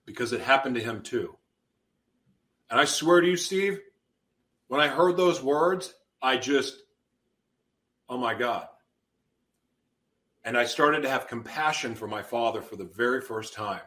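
A man's voice: mid-range voice, expressive, moderate pace, pauses often, pushed and bright. A man guest on a podcast, giving an intense personal testimony and acting out his past outbursts as he tells it.

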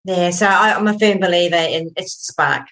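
A woman, a writer, hosting an interview in a reflective, measured way. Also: on the low side, a bit bright. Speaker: host, writer. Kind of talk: casual interview chat.

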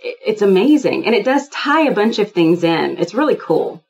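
A woman guest in a casual spiritual chat, rambling and animated, often acting out quoted dialogue. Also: mid-range voice, moderate pace, lo-fi sound.

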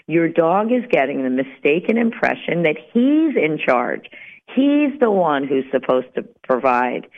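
A woman radio host giving dog-training advice in a lively, conversational, lightly joking way. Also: deep voice. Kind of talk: radio talk show monologue. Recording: tinny phone-like radio line.

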